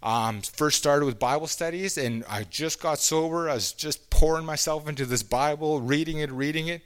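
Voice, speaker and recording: A preacher from Canada giving a personal testimony sermon, speaking earnestly and haltingly, often restarting his sentences. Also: a little high, clear, resonant tone.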